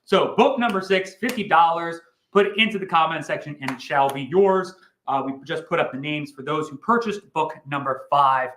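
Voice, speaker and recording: A man hosting a livestream, pitching comic books in a chatty, rambling way with jokey asides. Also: lively intonation, normal speed, fairly bright tone, roomy sound, slight background noise, low-quality recording. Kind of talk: casual sales pitch chat.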